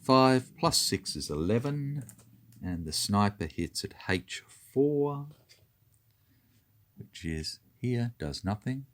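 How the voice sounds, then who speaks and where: A man's voice: mid-range voice, sing-song, slow pace, a bit bright. A man talking through his moves in a tabletop wargame, methodically counting dice and spaces aloud. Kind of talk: talking through a board game turn.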